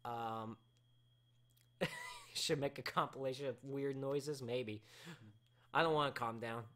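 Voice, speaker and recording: A man hosting a casual live talk show, excitable and rambling, with his voice cracking and breaking into sudden shouts. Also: medium pitch, takes it slowly.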